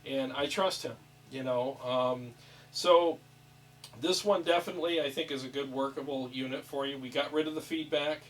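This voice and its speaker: A man's voice: medium pitch, fairly even intonation, normal speed, fairly bright tone, distant mic, poor audio. Chatty upbeat guy hosting, kinda off-mic, small room. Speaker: host. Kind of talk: casual chat.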